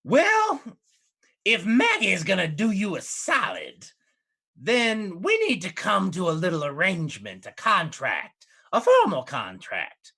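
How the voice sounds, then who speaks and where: A man voicing a greedy old female hag with claws, in a high, drawling, wheedling voice. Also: huge pitch swings, measured pace, vocal fry, pushed and bright, slightly rough, full character voice. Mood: scheming.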